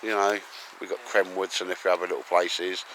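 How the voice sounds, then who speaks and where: A man's voice: deep voice, flat delivery, fairly quick, sharp tone, a little hiss or hum, poor audio. Jokey, rambling man in the woods. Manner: rambling, jokey, laughs often. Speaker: vlogger. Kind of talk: casual walk-and-talk vlog. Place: outdoors in woodland.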